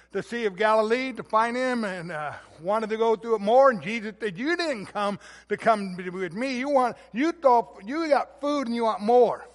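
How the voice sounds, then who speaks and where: A man's voice: sits high, a bit bright, big-room sound. A man preaching a sermon as a pastor, emphatic and building in force on key words.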